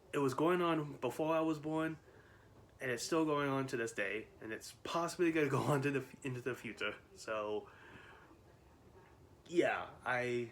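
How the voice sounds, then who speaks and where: A man's voice: on the high side, a bit bright, a little hiss or hum. A man vlogging in casual chat, rambling with frequent laughs, restarts and fillers.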